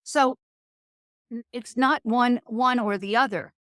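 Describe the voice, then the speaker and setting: A woman guest on a faith and business podcast who speaks in an earnest, measured, motivational way and slows down to stress key words. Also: fairly high pitch, steady tone, a bit bright, no echo, clean studio sound. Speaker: guest entrepreneur. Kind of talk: faith-based business interview.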